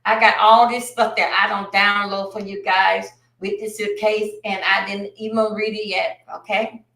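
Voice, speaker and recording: A woman hosting a casual livestream, reading out and reacting to court testimony in an animated, drawn-out way with sighs and exclamations. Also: medium pitch, roomy sound.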